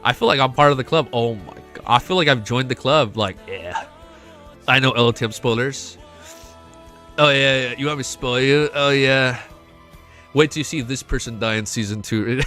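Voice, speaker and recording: A man hosting a casual livestream chat, excitable and swearing freely, his voice jumping between high and low. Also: moderate pace, pauses often, faint music behind. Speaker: livestream host.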